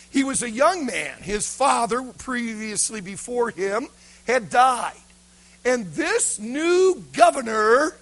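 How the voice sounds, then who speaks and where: Dramatic, animated preacher man. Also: very high-pitched, low-quality recording. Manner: dramatic, swinging from shouts to near whispers. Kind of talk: sermon storytelling.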